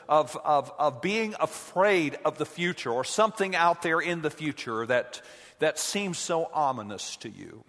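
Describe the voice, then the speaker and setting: A man preaching a sermon as pastor in a church, measured and earnest. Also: fairly high pitch, fairly bright tone. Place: church sanctuary. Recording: echoey hall.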